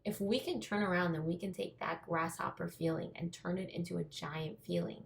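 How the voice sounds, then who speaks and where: A woman's voice: lowish voice, steady tone, brisk, vocal fry, low-quality recording. A young woman telling a Torah story in an informal class, conversational, with many asides. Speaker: Torah teacher.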